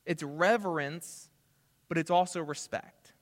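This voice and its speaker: A man preaching a sermon as pastor, earnest, building to emphatic peaks and dropping to soft asides. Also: on the high side, measured pace, in a large hall. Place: church sanctuary.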